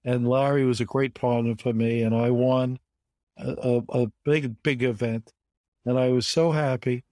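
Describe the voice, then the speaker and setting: A man's voice: medium pitch, fairly even intonation, measured pace, warm tone, no echo. An older man, a guest in an interview, telling anecdotes in an emphatic way and repeating words for stress. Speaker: bridge player guest.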